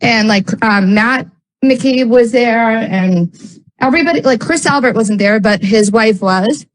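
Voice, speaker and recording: A woman's voice: a little high, a little slow, rough recording. Rambling woman telling a story. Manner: rambling, heavy use of "like" fillers; blunt, swears freely. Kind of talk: casual storytelling.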